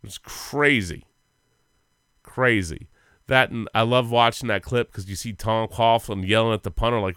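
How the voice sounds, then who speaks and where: Low, smooth-voiced man in casual sports chat. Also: moderate pace, no echo, studio quality. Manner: profane, rambling, animated. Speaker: podcast co-host.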